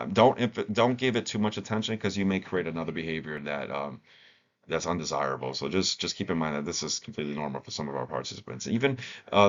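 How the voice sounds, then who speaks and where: A man giving an unscripted staff training talk, hesitant, with many fillers and restarts. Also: extremely low pitch. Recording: dull lo-fi recording.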